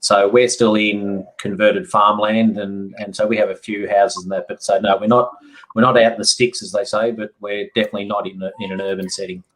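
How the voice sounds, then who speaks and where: A man with an Australian accent, a guest on a livestream, explaining things in a measured, halting way. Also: lowish voice, little pitch movement, fairly bright tone, low-quality recording. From central Victoria, Australia. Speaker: guest homesteader.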